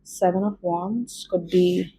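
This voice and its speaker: A woman's voice: lowish voice, fairly even intonation, slow, mellow, slight background noise, rough recording. A woman with an Indian accent doing a casual tarot reading, chatty and rambling with many fillers. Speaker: tarot reader.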